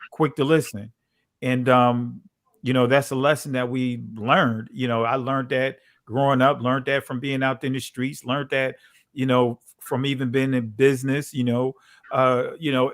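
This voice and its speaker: A man's voice: medium pitch, dry recording, studio quality. A man with a New Jersey accent, a pastor, talking in a casual online discussion and often filling his speech with "you know". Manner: conversational, frequent "you know" fillers.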